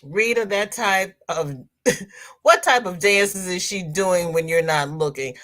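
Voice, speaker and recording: A middle-aged woman hosts a relaxed crafting livestream, reading viewers' comments and answering each one warmly. She talks unhurriedly, with long drawn-out phrases, calls people "girl" and "honey", and her voice leaps upward whenever something delights her. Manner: laughs often, voice swings high when excited. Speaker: livestream host of a crochet show.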